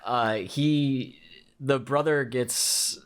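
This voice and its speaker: A man's voice: mid-range voice, extremely slow, clear, resonant tone. A man co-hosting a podcast, recapping a horror film in a rambling, casual way with lots of fillers and restarts. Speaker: podcast co-host. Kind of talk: casual movie review chat.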